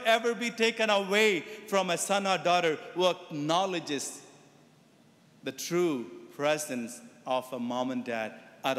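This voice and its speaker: A man's voice: high voice, a bit bright. A man, a Catholic priest, giving a sermon that mixes teaching with a told story. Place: Catholic church. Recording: echoey church reverb.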